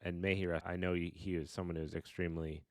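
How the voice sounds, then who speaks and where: A man hosting a podcast, asking a guest questions in a gentle, measured way. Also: sits low, level tone, dry recording, studio quality. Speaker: podcast host. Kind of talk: interview question.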